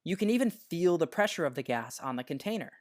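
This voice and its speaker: A science teacher reads a scripted lesson aloud with a lively, rising and falling voice. The delivery is patient and explanatory, easing off the pace to lean on each key word. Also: medium pitch. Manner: patient, explanatory, slows down to stress key words.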